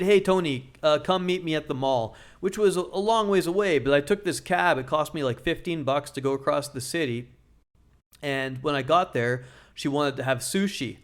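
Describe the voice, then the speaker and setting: A man who works as a dating coach gives blunt, joking relationship advice in a casual vlog. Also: a little high.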